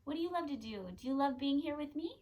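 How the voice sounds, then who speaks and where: High-voiced woman leading kids yoga. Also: fast talker, low-quality recording. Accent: Californian. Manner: gentle, playful, encouraging. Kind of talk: guided kids yoga class.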